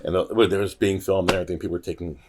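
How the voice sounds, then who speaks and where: Lively man telling a long story. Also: sits low, racing, noisy background. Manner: animated, acts out quoted voices. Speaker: podcast guest. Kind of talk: casual storytelling.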